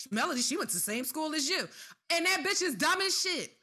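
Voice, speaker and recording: Woman, podcast co-host, heated gossip commentary, profane animated ranting, high bright voice. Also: a little fast.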